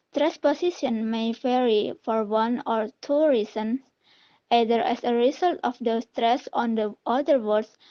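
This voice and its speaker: A woman's voice: on the high side, mellow. A young woman student steadily reading a prepared class presentation, in a dull lo-fi recording.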